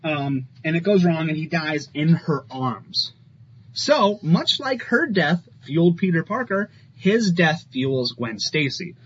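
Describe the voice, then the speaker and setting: Taking it slowly in a sing-song voice on the high side, this man co-hosts a casual comic book podcast, enthusiastic and often laughing. The audio is slightly dull with faint ambient noise.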